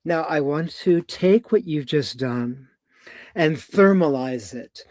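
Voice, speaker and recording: Man, fairly high voice, dry close sound; poetic, incantatory delivery on a video call. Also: lively intonation, darkish tone, dry recording. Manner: poetic, incantatory, drawn-out phrasing. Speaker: guest on a live video talk. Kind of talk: casual spiritual conversation.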